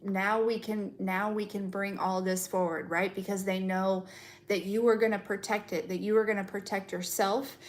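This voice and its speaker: A woman's voice: mid-range voice, level tone, normal speed. A young adult woman, a tarot reader, chatting casually to viewers on a live stream, with lots of fillers, giggles and casual swearing. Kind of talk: casual spiritual live chat.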